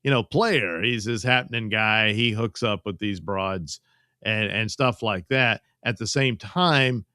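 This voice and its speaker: A man's voice: lowish voice, unhurried, pushed and bright, no room sound, clean studio sound. A man hosting a live stream and retelling a movie plot in a loose, rambling way, stammering and chuckling as he goes. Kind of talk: casual live-stream chat.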